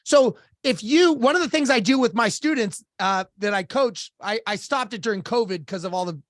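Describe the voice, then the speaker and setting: A man telling stories as a business coach and podcast guest, lively and casual, acting out the dialogue he recounts and swearing now and then. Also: extremely high pitch, moderate pace, no room sound, clean studio sound. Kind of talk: storytelling in a podcast interview.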